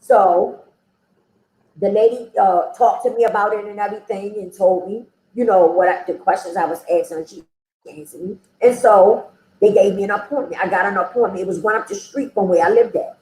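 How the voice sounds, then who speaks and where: A woman's voice: medium pitch, a little fast, a little mellow, a little hiss or hum. A woman frankly telling her own story as an interview guest, in a loose, conversational way. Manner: frank, conversational, with frequent "you know". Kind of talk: candid personal storytelling. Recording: roomy echo.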